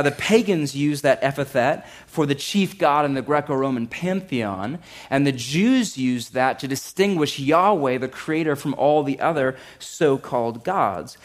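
A male pastor with a medium-pitched voice preaches to a live church congregation. His delivery is relaxed and conversational, full of jokes and frequent uses of "like."

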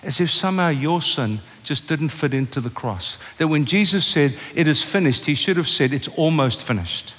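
A man's voice: on the high side, lively intonation, moderate pace, few pauses, breathy edge. Passionate preacher man in a reverberant hall. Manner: passionate, swings from loud preaching to hushed storytelling. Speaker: pastor. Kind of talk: sermon. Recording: long reverb of a large hall.

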